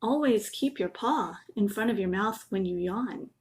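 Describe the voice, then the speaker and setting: A woman's voice: medium pitch, measured pace, darkish tone, close to an everyday voice. A woman voicing a fat, fussy old male owl who lectures in a storybook reading. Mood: scolding. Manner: hooting, preachy.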